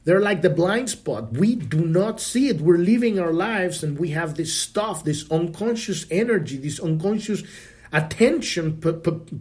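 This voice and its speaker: A man with a high-pitched, somewhat dark voice hosts a spiritual podcast. He talks casually, swears freely, and often restarts his sentences.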